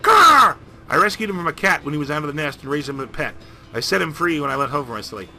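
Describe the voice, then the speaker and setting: Man, jokey let's-play narration, rambling, slightly high voice, faint music behind. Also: racing, sharp tone. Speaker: game streamer.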